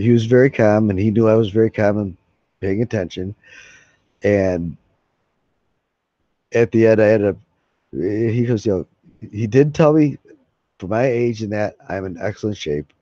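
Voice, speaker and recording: A man chats to his viewers in a rambling, folksy way, swearing as he goes. His voice sits low and warm. The sound is dry and a little dull, from a lo-fi mic. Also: no room sound. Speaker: live streamer. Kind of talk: casual chat to viewers.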